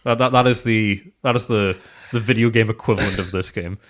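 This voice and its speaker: A man's voice: fairly low pitch, fairly even intonation, a little fast, fairly bright tone. A man co-hosting a podcast in casual, self-deprecating chat. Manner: chatty, self-deprecating, trails off and restarts. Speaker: podcast co-host.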